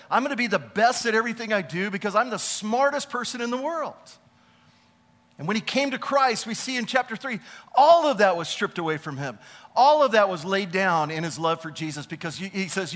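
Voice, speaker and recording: A man preaching a sermon as a pastor, animated, stretching key words and dropping to a chatty tone for personal stories. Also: high-pitched, a little fast.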